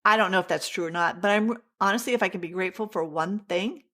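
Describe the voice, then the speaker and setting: A woman with a medium-pitched voice speaks fast as an interview guest telling her personal story. She is animated and acts out the dialogue she quotes.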